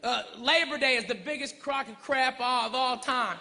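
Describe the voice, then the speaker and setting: A brash male stand-up comic with a high, very bright voice, shouting his punchlines. He performs on a club stage, and his voice rings in a reverberant room with the audience murmuring behind him. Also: moderate pace. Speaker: stand-up comedian. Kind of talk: stand-up routine. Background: audience laughter.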